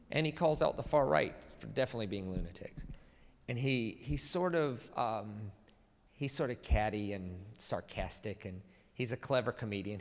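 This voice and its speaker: A man preaching a sermon, animated and emphatic, often stumbling over and repeating words. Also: fairly low pitch. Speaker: pastor. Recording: long hall reverb.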